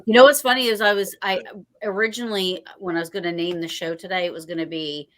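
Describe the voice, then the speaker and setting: A woman's voice: on the low side, steady tone, fast, a bit bright. A woman hosting a casual livestream chat, rambling with lots of restarts and fillers. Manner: rambling, full of "you know" and restarts. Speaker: host.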